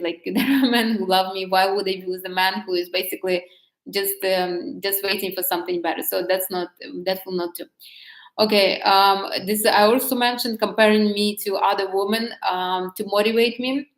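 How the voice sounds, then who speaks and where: A woman talks frankly and casually, circling back on her own words as she goes. Her voice sits in an ordinary middle pitch. The room around her carries a noticeable echo. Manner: candid and chatty, with many restarts and laughs. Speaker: vlogger giving dating advice. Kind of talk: casual talk to camera.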